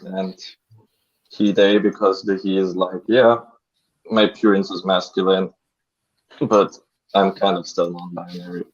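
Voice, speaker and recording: A man from Austria, chatting casually as a guest on a live stream, halting with many fillers. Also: low-pitched, flat delivery, breathy edge. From Austria (Vienna). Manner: halting, filler-heavy, laughs often. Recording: dull lo-fi stream audio.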